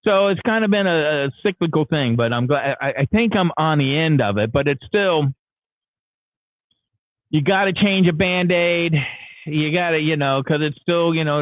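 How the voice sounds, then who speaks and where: A man's voice: a little high, moderate pace, dry recording. A man calling in as a radio host, telling a long candid story in casual, rambling talk with many restarts. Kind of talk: casual morning show chat. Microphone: phone call. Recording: tinny phone line.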